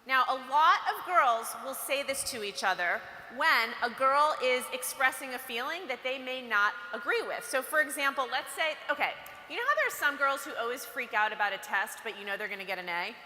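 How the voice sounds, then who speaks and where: A woman giving a chatty, animated motivational talk to teenage girls at an event, often acting out what girls say to each other. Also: sits high. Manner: chatty, animated, acts out quotes. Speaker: speaker at a girls' empowerment event. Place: event hall. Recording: roomy hall with faint ambience.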